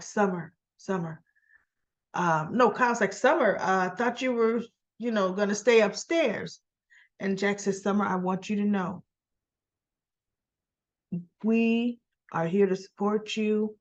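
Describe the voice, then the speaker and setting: A woman hosting a casual soap opera recap, retelling the scenes and acting out the characters' lines in quick little voices. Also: mid-range voice, muffled recording.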